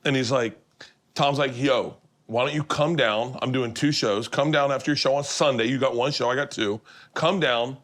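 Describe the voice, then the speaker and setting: Middle-aged man, host, animated storyteller, shifts into high excited voices for quotes. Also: moderate pace. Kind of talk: storytelling in casual chat. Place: home kitchen.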